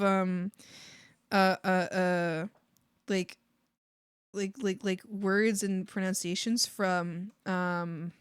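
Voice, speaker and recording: A Canadian woman livestreaming while she draws, chatting casually with viewers and filling her talk with "like". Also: mid-range voice. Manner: chatty, giggly, heavy use of filler "like". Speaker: art streamer.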